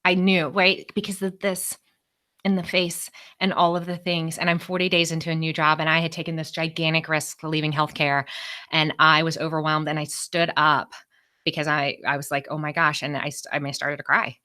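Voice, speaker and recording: An expressive woman speaker telling a story to a room of listeners. Her voice sits low but has a bright, forceful edge. She talks with lively, animated energy. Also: a little fast. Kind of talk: storytelling talk to a live group.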